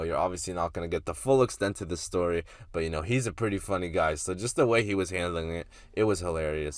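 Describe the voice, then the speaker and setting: A young man casually telling a story to his vlog audience, laid-back and slangy, swearing freely. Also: low voice. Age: young adult. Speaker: vlogger.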